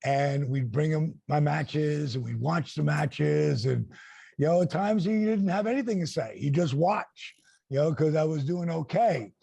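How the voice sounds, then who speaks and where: A middle-aged man and former wrestler telling an animated story, acting out quotes with big voice swings. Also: a little high, unhurried, dry recording. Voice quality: gravelly.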